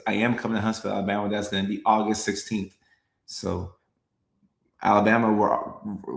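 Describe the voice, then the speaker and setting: A man's voice: fairly low pitch, echoey room. A young man, a comedian, chatting casually on a live stream, reading comments and repeating his lines with a laid-back chuckle.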